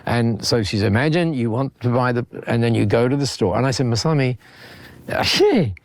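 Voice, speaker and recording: Gravelly Australian man telling stories. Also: medium pitch, fast talker. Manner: animated, repeats words often, laughs between points. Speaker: guest. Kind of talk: conversational podcast storytelling.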